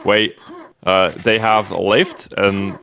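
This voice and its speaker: A man's voice: on the low side, flat delivery, drawn-out words, gravelly, bright, forceful tone. A man from Poland hosting a game stream, playful and bantering in casual chat.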